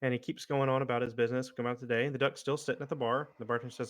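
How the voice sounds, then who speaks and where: A man chats casually while playing an online game with a friend. He tells jokes in a rambling way, full of pauses and fillers, at an ordinary middle pitch. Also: flat delivery, a bit bright. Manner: rambling joke-teller with many fillers. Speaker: streamer. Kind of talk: casual gaming chat.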